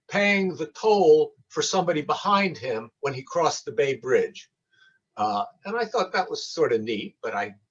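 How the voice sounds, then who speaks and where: A man's voice: medium pitch, fairly bright tone, slightly rough, dull audio. An older man telling rambling, folksy stories in a casual community talk over a video call.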